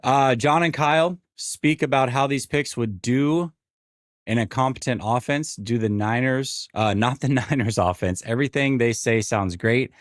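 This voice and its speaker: A man's voice: medium pitch, normal speed, no echo, studio quality. A man hosting a live sports stream, reacting casually and rambling, often repeating himself with wry asides. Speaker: sports show host.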